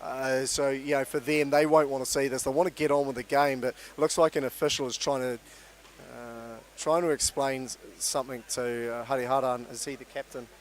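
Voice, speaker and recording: A man's voice: medium pitch, flat delivery, a little fast. A man with a New Zealand accent giving chatty live sports commentary, with many fillers and restarts.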